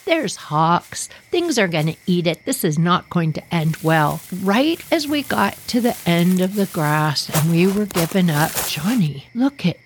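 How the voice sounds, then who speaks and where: Animated woman telling a childhood story. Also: lowish voice, measured pace, hardly any pauses, slight background noise, low-quality recording. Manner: animated, emotional, acts out voices. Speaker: podcast host.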